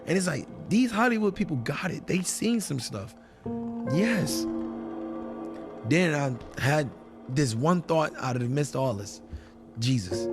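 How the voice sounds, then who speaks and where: A man telling a dramatic personal story in casual talk, dropping low and hushed, then breaking into shouted quotes. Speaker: guest telling his story.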